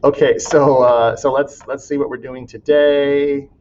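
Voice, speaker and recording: A man's voice: mid-range voice, flat delivery, a little slow, a little mellow, highs cut off. A man teaching a class in a recorded walkthrough, casual and laughing often as he reads student writing aloud.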